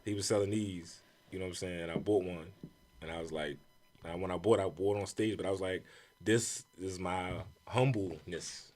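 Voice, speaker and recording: A young man from Baltimore with a Baltimore accent, telling a profane, animated story on a casual podcast. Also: sits low, moderate pace. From Baltimore, USA. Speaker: comedian guest.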